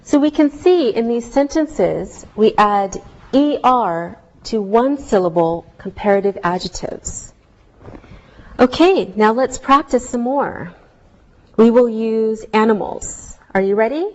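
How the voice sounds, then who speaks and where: Teacher voice: woman, fairly high, very slow and deliberate, dull lo-fi sound. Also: expressive. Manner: slow, clearly spelled-out teaching delivery. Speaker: English teacher. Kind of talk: scripted English lesson.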